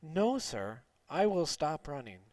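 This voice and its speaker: A man's voice: on the high side, sing-song, slow, darkish tone, no room sound. A man voicing a shy, timid young schoolboy who mumbles his replies in a read-aloud storybook. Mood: meek. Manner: meek, mumbling.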